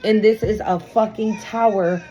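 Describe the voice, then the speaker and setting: A woman's voice: medium pitch, fairly even intonation, unhurried, background noise. A woman giving a casual tarot reading to her viewers, blunt and emphatic, swearing freely and calling them y'all. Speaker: tarot reader.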